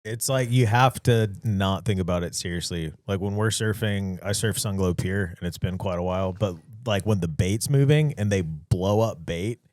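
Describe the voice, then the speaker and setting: A man with a very deep voice telling laid-back stories on a podcast. His sound is close and dry, with no room around it. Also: normal speed, hardly any pauses, a little mellow, no room sound. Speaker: podcast co-host. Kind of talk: casual chat.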